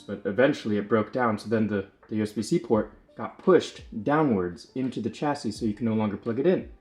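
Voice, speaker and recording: Rambling lower-voiced man with music behind. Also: darkish tone. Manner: rambling, self-correcting, frequent fillers. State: slightly out of breath. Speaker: lightsaber builder. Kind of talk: casual workshop explanation.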